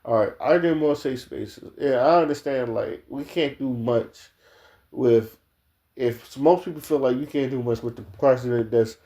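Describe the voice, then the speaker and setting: Blunt, mellow-voiced man ranting to camera. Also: medium pitch, normal speed. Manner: blunt and profane, with frequent restarts and filler "like"; speaks straight to the viewers. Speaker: video commentator. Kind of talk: casual opinion commentary.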